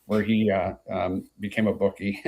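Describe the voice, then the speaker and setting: A man's voice: lowish voice, level tone, unhurried, creaky. A man in his sixties from Chicago telling long stories as an interview guest, rambling with many fillers and asides. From Chicago, USA. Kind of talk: anecdotal storytelling in an interview.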